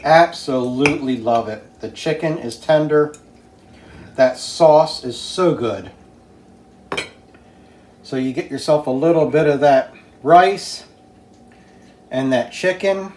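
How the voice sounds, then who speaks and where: A man hosting a home cooking video, talking slowly and easily to viewers as he plates and tastes a dish in his kitchen. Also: fairly high pitch, reverberant, a little hiss or hum. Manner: slow, relaxed, talks to viewers while tasting. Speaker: home cooking show host. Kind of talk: casual cooking demonstration.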